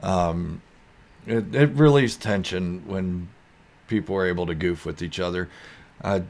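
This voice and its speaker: Low-voiced man chatting on a live stream. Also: a little slow, a little mellow. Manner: goofy, easygoing and rambling. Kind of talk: casual live-stream chat reading viewer comments.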